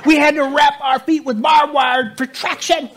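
A man acting out a grumpy parent exaggerating his hard childhood, loud and drawn out. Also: very high-pitched, steady tone, normal speed, pitched above the performer's own voice. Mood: mock-grumpy. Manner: shouting, drawn out, mock-grumpy. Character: exaggerating old-timer parent, male, complaining.

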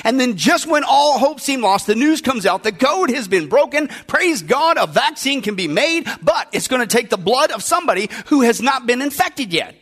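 A male preacher delivering a sermon in a strikingly high, bright voice. He drives his points home with emphatic, repeated rhetorical questions. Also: big pitch swings, normal speed, hardly any pauses.

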